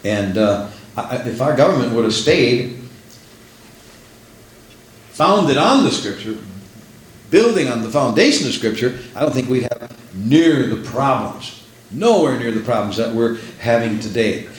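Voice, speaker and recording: A man's voice: medium pitch, animated, measured pace, pauses often, slight background noise. A man preaching a sermon, emphatic, repeating phrases for effect. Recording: roomy echo.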